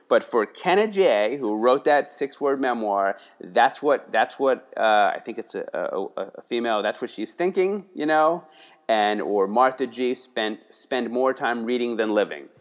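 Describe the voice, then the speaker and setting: A man's voice: mid-range voice, animated, unhurried. A man from the Philadelphia area talking casually in an interview, rambling with many restarts and tags like "you know" and "right". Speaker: guest, writing workshop leader.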